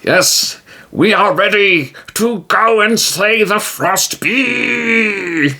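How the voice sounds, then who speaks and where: A man putting on a pompous, grand-talking hero with a high, lofty voice, drawing each phrase out slowly and theatrically. The voice carries a gravelly edge beneath its showy heroics, as heard in a solo tabletop game. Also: pushed and bright, exaggerated voice. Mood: grandly heroic.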